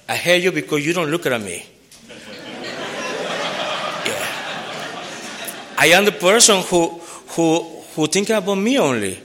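Guy sharing his recovery story, kinda high voice, halting and earnest, keeps repeating himself. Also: sing-song, background noise. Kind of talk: personal testimony at a recovery meeting.

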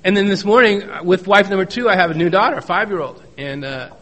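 A man's voice: sits high, fast talker, fairly bright tone. Middle-aged man telling his recovery story. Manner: folksy storytelling with joking asides; repeats key phrases for emphasis. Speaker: speaker at a recovery meeting. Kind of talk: personal testimony talk.

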